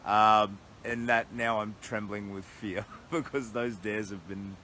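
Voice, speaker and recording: A middle-aged Australian man with a fairly low voice talks earnestly into his phone, thinking aloud with frequent restarts. He sits camped outdoors at night, with a faint hum of noise behind him. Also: steady tone, unhurried, few pauses, sharp tone. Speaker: long-distance walker livestreaming to followers. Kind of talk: casual reflective livestream talk. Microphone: phone livestream.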